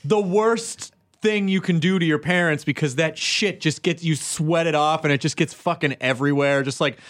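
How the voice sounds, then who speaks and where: A middle-aged man hosting a podcast, chatting in quick, casual banter with an easygoing swear here and there. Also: on the high side, a bit bright, no room sound, clean studio sound. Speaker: podcast host. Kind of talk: casual interview chat.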